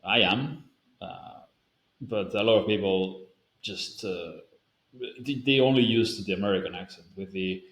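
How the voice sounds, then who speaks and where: Low-voiced man from Spain, rambling. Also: a little slow, a bit bright. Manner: rambling, self-correcting, with frequent fillers. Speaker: language-learning video creator. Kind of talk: casual answer to a viewer question. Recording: roomy echo.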